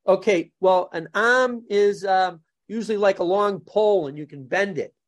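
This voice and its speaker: A man's voice: high-pitched, moderate pace. A man, a jujutsu instructor telling funny stories in a casual podcast chat. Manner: jokey storyteller, laughs at his own stories.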